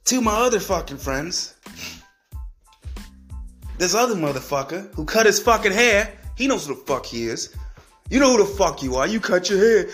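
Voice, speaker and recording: A man's voice: high voice, very animated, normal speed, long pauses, a bit bright, faint music behind. A young man ranting angrily at his friends, swearing constantly, stumbling over repeated words and mocking them in a whiny voice. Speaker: podcast host. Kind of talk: profane solo rant.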